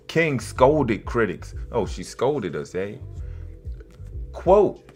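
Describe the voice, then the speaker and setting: A podcast host reads a news article aloud at a measured pace, mocking it with profane, sarcastic asides in a casual commentary. He jumps between flat reading and loud, high outbursts, with faint music behind him.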